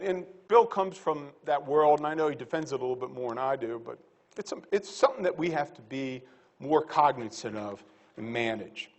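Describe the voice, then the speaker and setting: A man speaking as a panelist at a livestock conference, blunt and folksy, animated, with quick quips. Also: fairly high pitch.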